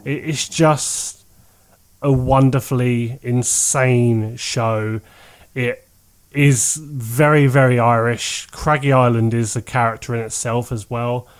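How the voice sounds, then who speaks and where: A man's voice: mid-range voice, fairly even intonation, clean tone. Chatty man with an average voice. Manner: enthusiastic, laughs often, breaks into quick impressions. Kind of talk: casual podcast chat.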